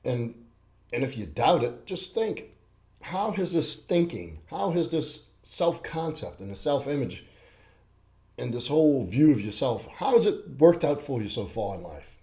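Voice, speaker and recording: Male host, blunt self-help coach, mellow tone, repeats himself for emphasis. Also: mid-range voice, big pitch swings, a little slow. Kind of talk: self-help talk to camera.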